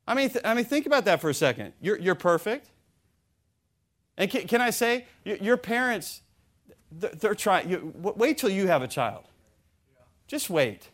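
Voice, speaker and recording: A male preacher with a high voice gives a lively sermon. He stumbles over his words and restarts them, then acts out the people he quotes. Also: moderate pace, pauses often.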